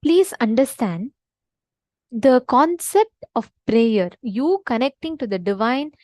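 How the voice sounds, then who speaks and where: A woman leading a devotional teaching session in a fairly high voice. She speaks earnestly and emphatically, repeating her key points to stress them. The sound is dry and close, with little room echo. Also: lively intonation, takes it slowly, dark tone. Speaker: spiritual teacher.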